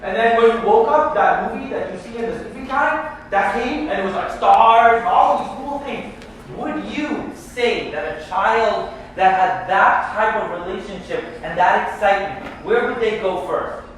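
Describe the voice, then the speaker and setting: High-voiced man lecturing in an echoey hall. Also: normal speed, recorded from a distance, slight background noise. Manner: joking, animated, asks audience questions. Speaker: imam teaching tafsir. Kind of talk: casual interactive lecture.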